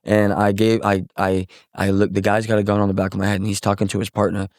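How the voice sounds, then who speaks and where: A man's voice: fairly low pitch, little pitch movement, fast talker, darkish tone, no room sound, clean studio sound. A young man from Missouri, a musician guest, telling a story casually and acting out quotes with lots of swearing.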